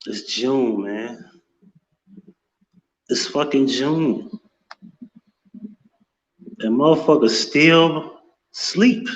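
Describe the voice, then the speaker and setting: A man's voice: mid-range voice, very slow, long pauses. A man hosting a casual live stream from his office, cursing freely and greeting chat viewers as he talks. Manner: profane, loose and talkative, greeting chat viewers. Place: home office. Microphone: without headset, room mic. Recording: echoey room, dull lo-fi sound.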